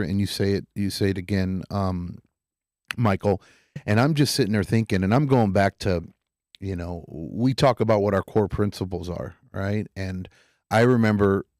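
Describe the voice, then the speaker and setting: A man with a lowish voice co-hosts a casual podcast. He speaks earnestly and repeats his points with many fillers. The sound is dry and close. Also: a little mellow, no echo.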